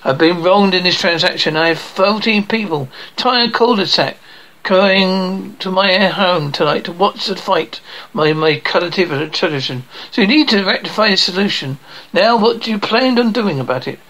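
An actor playing a short-tempered middle-aged family man in an animated series, blustering and swearing. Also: high-pitched, moderate pace, full character voice, low-quality recording. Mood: indignant.

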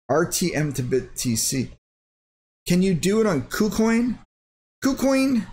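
Casual male vlogger, sarcastic and rambling, mid-pitched, faint hiss behind. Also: a little mellow. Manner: rambling, sarcastic, thinking aloud. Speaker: crypto mining channel host. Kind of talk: casual screen-share commentary.

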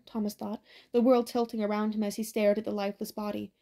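A woman narrating an audiobook with a steady, even reading. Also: mid-range voice, fast talker, gravelly.

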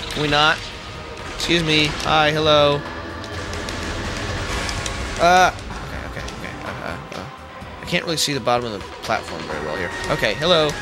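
A man hosting a let's play, giving excitable, joking gameplay commentary and swearing often. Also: fairly high pitch. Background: game music.

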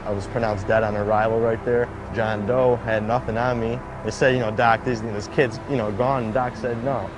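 A man's voice: mid-range voice, fairly even intonation, moderate pace, few pauses, background noise. A man in a casual interview, telling his own story in a rambling way, full of fillers and acted-out quotes. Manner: rambling, filler-heavy, acts out quoted voices. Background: background music.

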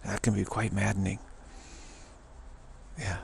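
A man's voice: fairly low pitch, level tone, unhurried, creaky, slight background noise. A man giving an informal spiritual talk as a teacher, rambling and full of "you know" fillers. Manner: rambling, frequent 'you know' fillers.

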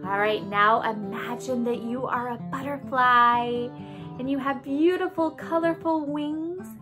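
A woman music therapist leading a remote session for children, gently encouraging them through poses and songs. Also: high-pitched, a little slow. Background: guitar music.

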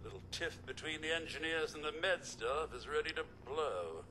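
Game NPC: an adult male briefer, matter-of-fact and bright-toned. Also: fairly high pitch, expressive, moderate pace, slight background noise. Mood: briefing. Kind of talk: video game dialogue.

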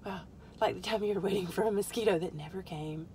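A woman's voice: medium pitch, brisk, mellow, slight background noise. Rambling woman chatting on a live stream. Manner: rambling, joking asides to viewers; mutters and whispers while fiddling with a product. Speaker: host of a product testing live stream. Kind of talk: casual live-stream chat. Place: parked car in a store parking lot.

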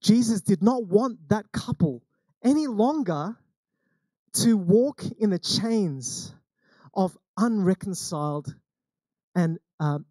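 A man's voice: sits high, dark tone, dry recording. An Australian man preaching a sermon as senior pastor, telling stories in a conversational way and acting out the quoted lines. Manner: conversational storytelling with acted quotes.

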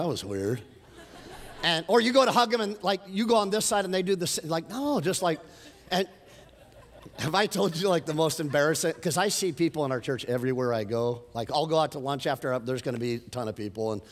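A middle-aged male pastor delivers a sermon in a slightly high voice, animated and storytelling, building to emphatic lines. His voice rings out with a long reverb from a large church hall.

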